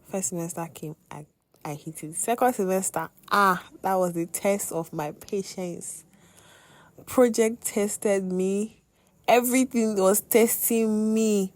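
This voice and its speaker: A young woman hosting a podcast, telling a personal faith testimony in an expressive way, with sudden exclamations. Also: mid-range voice, slow. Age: young adult. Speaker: podcast host.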